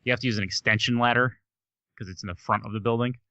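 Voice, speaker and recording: A man's voice: medium pitch, fairly even intonation, quick pace, bright, forceful tone, clear, resonant tone, dry recording, highs cut off. A man co-hosting a podcast, telling a funny story in casual chat and laughing often. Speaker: podcast co-host.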